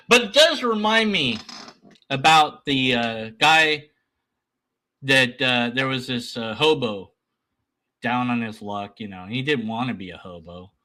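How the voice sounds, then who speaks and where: A man's voice: mid-range voice, animated, slow, long pauses, sharp tone. A man giving rambling, sarcastic commentary while reacting to a video. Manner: rambling, mocking, sarcastic asides.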